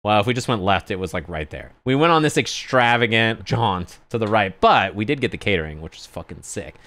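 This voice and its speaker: A man telling a lively anecdote on his stream in casual chat, sometimes acting out other people yelling. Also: brisk, dry recording. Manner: animated anecdote, acts out others yelling in high pitch.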